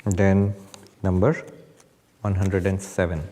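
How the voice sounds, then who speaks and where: A man's voice: sits low, takes it slowly, slight background noise. Man teaching in an echoing hall. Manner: animated storytelling with humor, rising emphasis. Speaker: monk teaching a meditation retreat. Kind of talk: spiritual talk to an audience. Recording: hall with long reverb. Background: audience laughter.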